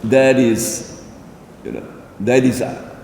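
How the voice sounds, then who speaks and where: A man delivers a formal public lecture at a measured, deliberate pace. His voice is mellow and dark. It rings out in an echoey hall with a long reverb, and faint ambience sits behind it. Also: mid-range voice, big pitch swings, vocal fry, a little hiss or hum. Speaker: lecture speaker.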